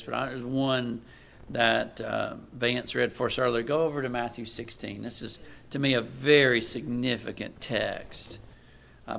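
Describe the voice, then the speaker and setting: A man preaching a sermon, moving from quiet asides to loud, emphatic readings of scripture. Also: medium pitch, gravelly.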